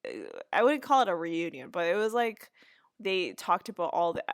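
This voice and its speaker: A woman's voice: lowish voice, huge pitch swings, normal speed, no room sound, clean studio sound. A woman hosting a podcast, chattily recapping a TV episode with asides and restarts. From Canada. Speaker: podcast host.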